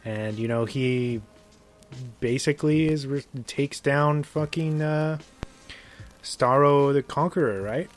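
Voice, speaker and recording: A man with a mid-pitched voice chats about a film on a podcast. He is hesitant and keeps stopping to hunt for the right word, filling the gaps with "um" and "like.". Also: slow pace, faint music behind. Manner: hesitant, searches for words, fillers like "how do you say". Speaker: podcast co-host. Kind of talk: casual film discussion.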